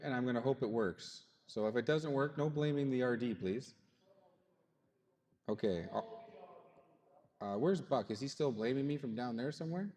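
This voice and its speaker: A man runs a live radio-controlled car race over the loudspeaker, chatting and politely apologizing to the drivers. His voice rings out with long reverb through a large indoor hall. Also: medium pitch. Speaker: race director and announcer. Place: indoor RC race track in a hobby shop.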